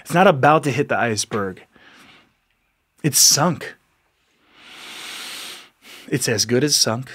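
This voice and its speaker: A man's voice: mid-range voice, expressive, takes it slowly, long pauses, a bit bright, slightly rough. A man hosting a podcast, giving an earnest, exhorting motivational monologue, often repeating himself and laughing between lines. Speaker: podcast host.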